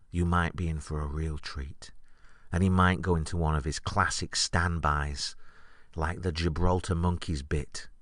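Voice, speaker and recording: A man hosting a podcast, recounting an anecdote in a wry, deadpan storytelling monologue. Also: low voice, no room sound, clean studio sound. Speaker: podcast host.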